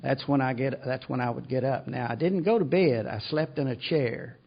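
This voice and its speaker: Older man, gravelly, rambling self-deprecating storyteller at a recovery meeting; muffled lo-fi sound. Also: medium pitch, normal speed. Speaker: AA speaker. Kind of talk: recovery talk to an audience. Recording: dull lo-fi recording.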